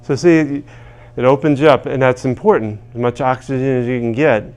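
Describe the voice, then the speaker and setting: A man's voice: mid-range voice, fairly quick, a little mellow. A man leading a live group through a tapping session, joking and calling out phrases for them to repeat. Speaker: tapping workshop leader.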